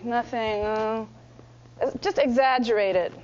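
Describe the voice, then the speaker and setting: A woman leading a speaking workshop, coaching the room with energetic instructions and playful demonstrations. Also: high-pitched, normal speed. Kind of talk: lively teaching workshop. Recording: dull lo-fi room recording.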